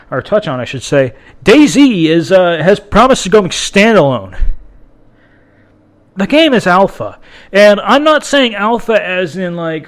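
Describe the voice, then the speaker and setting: High-voiced man ranting on a podcast. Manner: rambling, profane, many restarts. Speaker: podcast host. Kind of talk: casual podcast monologue.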